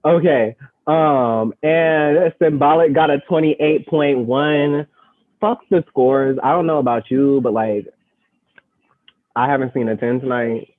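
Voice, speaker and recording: A man's voice: a little high, takes it slowly, no echo. A man hosting a poetry slam over a video call, with slangy, profane, laughing banter. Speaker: slam host. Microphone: remote video call. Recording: tinny, dry phone-like audio.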